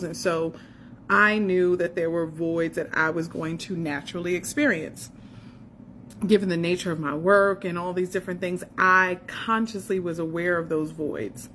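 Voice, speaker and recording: A woman's voice: on the low side, fairly bright tone, slight background noise. A woman in her forties, a faith coach, sharing an earnest and emotional personal testimony and speaking straight to the listener. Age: 40s.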